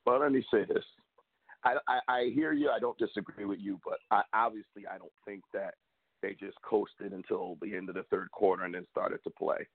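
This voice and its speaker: Man, gravelly low voice, animated sports talk, tinny phone-like line, dry sound. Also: moderate pace, dry recording. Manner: animated, emphatic, rising to loud peaks. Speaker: podcast co-host.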